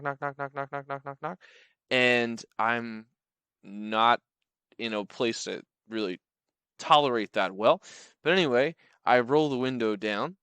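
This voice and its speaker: A man's voice: medium pitch, pushed and bright, clear, resonant tone, dry recording. A young man telling funny true stories, wry, rambling and playful. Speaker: comedic storyteller. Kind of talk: comedic storytelling.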